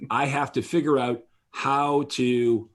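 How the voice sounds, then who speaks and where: A man's voice: medium pitch, steady tone, takes it slowly. A man hosting an online real estate conference, speaking in a motivational way and addressing his audience directly. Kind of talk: energetic seminar presentation.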